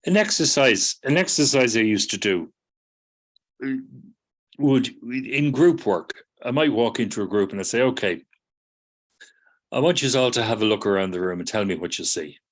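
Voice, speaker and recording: Expressive and moderately paced, with long pauses, this middle-aged man's mid-range voice carries a patient lecture to psychotherapy students. He keeps asking "do you see?" and voices people's replies as quotations.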